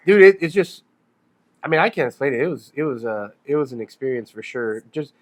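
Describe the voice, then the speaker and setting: A man's voice: medium pitch, expressive, fairly quick. A man in his forties co-hosting a podcast, chatting in an easygoing way, with many fillers and casual swearing. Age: 40s. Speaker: podcast co-host. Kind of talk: casual chat.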